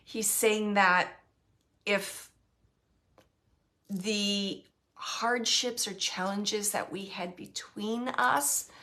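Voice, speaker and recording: Bright-voiced woman giving a halting spirit reading. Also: medium pitch. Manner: halting, repeats herself, relays messages. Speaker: psychic medium.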